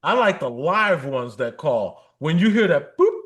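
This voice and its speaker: A man with a high voice chats casually on a livestream. He tells jokey stories, mimics callers and laughs often. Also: sing-song, measured pace. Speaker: livestream co-host. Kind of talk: casual chat.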